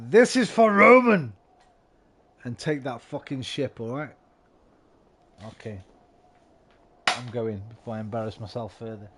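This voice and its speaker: Tipsy, sweary man rambling. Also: on the high side. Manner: rambling, sweary, swings from loud bursts to mumbling. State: tipsy, slightly slurring. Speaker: game streamer. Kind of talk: casual stream chat.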